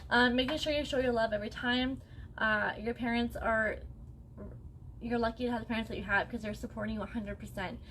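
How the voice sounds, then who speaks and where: A young woman with a fairly high voice gives a casual spirit reading on a live stream. She talks loosely and reassuringly, often pausing to ask "okay?" A faint ambient hum sits under her voice. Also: steady tone, a bit bright. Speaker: psychic medium.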